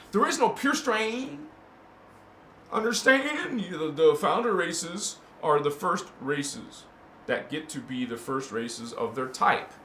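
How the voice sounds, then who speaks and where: A man hosting a casual spiritual talk to camera, playful and slangy, swinging between loud bursts and hushed murmurs and chanting made-up syllables. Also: on the high side. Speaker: spiritual channel host. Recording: echoey room with faint ambient noise.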